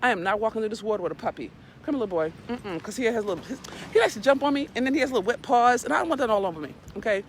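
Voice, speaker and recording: Her live stream is casual: a woman walks her dog outdoors, animated, preachy, blunt and swearing heavily. She talks rapid-fire in a fairly high voice, with slight background noise behind her.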